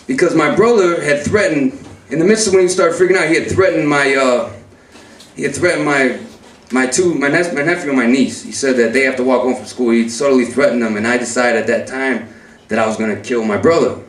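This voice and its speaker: A man's voice: medium pitch, a little fast, distant mic. Man telling a gritty story. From Chicago. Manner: profane, breathless, acts out the voices of people in the story. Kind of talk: live story slam telling. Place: live event room. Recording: roomy echo, voice from off-mic.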